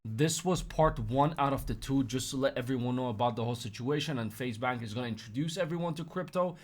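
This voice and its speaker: A man hosting a reaction commentary and talking sarcastically and mockingly about the clips he plays. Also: medium pitch. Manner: sarcastic, mocking, breaks into loud put-on quotes. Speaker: commentary host.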